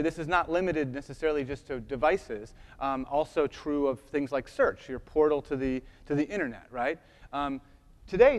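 A man giving a casual talk to an audience, with many fillers and frequent check-ins with his listeners. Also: on the high side. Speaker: lecturer. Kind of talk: conference talk. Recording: reverberant lecture hall.

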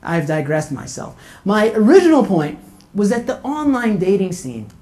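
A woman's voice: medium pitch, big pitch swings, moderate pace, warm tone. A woman doing a stand-up comedy routine in a sarcastic, punchy way, tagging her jokes with "okay?" and "right?". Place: comedy venue with live audience.

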